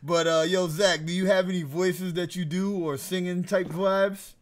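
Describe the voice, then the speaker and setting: A man's voice: sits high, fairly even intonation, moderate pace. A man hosting a casual online podcast, laughing often and swearing freely. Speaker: podcast host. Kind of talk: casual group chat. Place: online group call.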